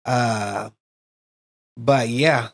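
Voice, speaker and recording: A man's voice: medium pitch, fairly even intonation, extremely slow, creaky. A man co-hosting a music reaction, talking it over casually and thoughtfully with many fillers. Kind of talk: casual music review chat.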